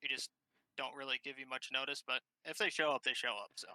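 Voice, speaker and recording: A man's voice: medium pitch, steady tone, quick pace, bright, forceful tone, no echo. A man being interviewed as a team captain, easygoing and noncommittal in the way he talks. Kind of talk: casual post-match interview.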